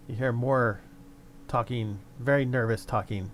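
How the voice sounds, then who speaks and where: A man's voice: mid-range voice, fairly even intonation, normal speed, a little hiss or hum. A man narrating as game master of a tabletop game in a loose, hesitant way.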